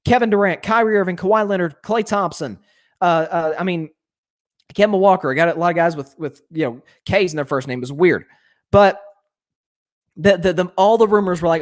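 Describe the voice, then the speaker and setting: A man's voice: sits high, a little fast. A young man hosting a sports commentary show, ranting with indignation and lots of restarts.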